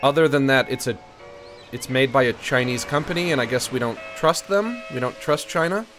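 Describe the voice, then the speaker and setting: A man's voice: medium pitch, fairly quick, over music. A man chatting casually on a live stream in a playful, rambling, joking way.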